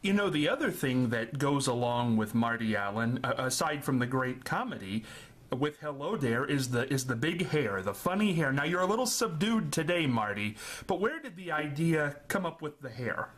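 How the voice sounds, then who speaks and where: A man's voice: mid-range voice, lively intonation, normal speed, fairly bright tone. A man hosting an interview, asking polite questions with a slight stammer. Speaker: interviewer host. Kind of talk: casual interview.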